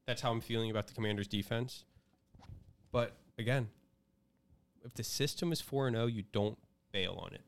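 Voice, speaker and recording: A man's voice: mid-range voice, normal speed. A man hosting a casual sports betting podcast, loose and chatty as he runs through the week's games. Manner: loose, chatty, laughs easily. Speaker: podcast host leading the picks.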